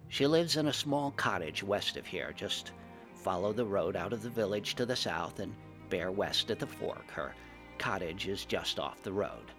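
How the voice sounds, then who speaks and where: A man voicing a gruff, easygoing bearded friend in a tavern, dry and offhand. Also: deep voice, lively intonation, moderate pace, a bit bright, soft background music.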